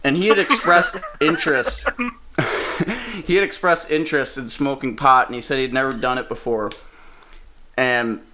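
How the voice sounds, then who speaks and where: A man's voice: mid-range voice, normal speed, long pauses, very noisy. A man from Wisconsin, a stand-up comedian, telling a story casually, swearing and laughing as he goes. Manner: profane, animated, laughs mid-story.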